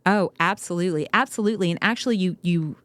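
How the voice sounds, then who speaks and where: A woman's voice: on the low side, quick pace, dry recording. A middle-aged woman co-hosting a parenting podcast, affirming her partner and explaining ideas in a casual, encouraging way. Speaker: podcast co-host, doctor. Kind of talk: casual parenting advice chat.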